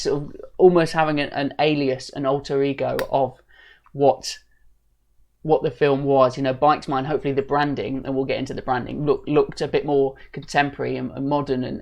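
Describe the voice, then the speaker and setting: A man's voice: mid-range voice, vocal fry. Male streamer, enthusiastic, rambling, casual storytelling. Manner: enthusiastic, rambling, with many restarts. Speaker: livestream host.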